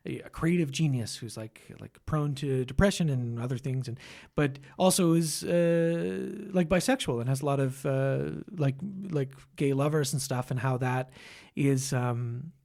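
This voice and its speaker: A man's voice: medium pitch, a little slow, vocal fry, darkish tone. A man hosting a casual podcast chat, rambling with many restarts and frequent laughs. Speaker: podcast host.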